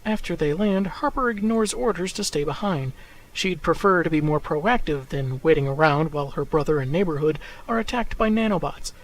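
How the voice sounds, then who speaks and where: A man with a fairly high voice reads a scripted comic recap at an even clip. He slips dry, sarcastic jabs into the summary. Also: moderate pace, low-quality recording. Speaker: comic book reviewer. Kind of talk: scripted narration.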